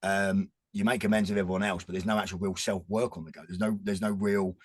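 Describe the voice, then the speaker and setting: A man's voice: sits low, fairly even intonation, fast talker, breathy edge, dry recording. A man, talking earnestly and rambling in a casual chat as a podcast guest. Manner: rambling, restarts often, earnest.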